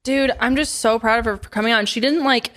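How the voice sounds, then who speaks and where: A woman's voice: a little high, quick pace, fairly bright tone. A woman co-hosting a casual podcast chat, outspoken and heated, swearing often. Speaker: podcast co-host.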